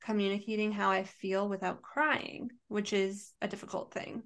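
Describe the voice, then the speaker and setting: A woman's voice: mid-range voice, flat delivery, moderate pace, a bit bright. A woman co-hosting a podcast who reads out listener questions and chats earnestly. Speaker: podcast co-host. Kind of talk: casual chat.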